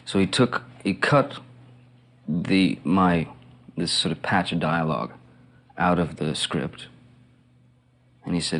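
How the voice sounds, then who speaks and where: A middle-aged man in an interview, reminiscing in a relaxed, rambling way with lots of fillers and chuckles. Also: low voice, moderate pace, long pauses. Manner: relaxed, rambling, full of "you know"s and laughs.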